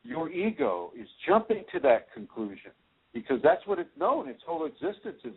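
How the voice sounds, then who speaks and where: A man hosting a radio call-in show, giving spiritual advice in a slow, reassuring way with many repeated words and restarts. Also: fairly high pitch, very animated, husky. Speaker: spiritual teacher, radio host. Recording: tinny phone line.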